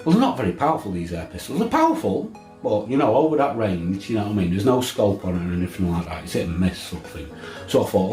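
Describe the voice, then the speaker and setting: A man's voice: on the low side, big pitch swings, quick pace, warm tone, echoey room, faint music behind. Man telling a laughing tale. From England. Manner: swearing, laughing anecdote teller with many restarts. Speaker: fishing vlogger. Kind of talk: casual storytelling.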